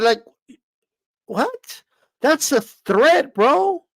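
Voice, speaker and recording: A man's voice: very high voice, lively intonation, slow pace, no room sound. A man giving casual, opinionated boxing commentary in a rant, swearing, repeating words and firing off rhetorical questions. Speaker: boxing commentator on a live stream.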